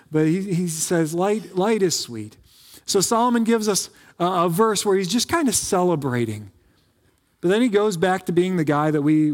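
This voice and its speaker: Chatty male pastor, reverberant sanctuary. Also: high voice. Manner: conversational, joking, many fillers and restarts. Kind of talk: sermon. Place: church sanctuary with a congregation.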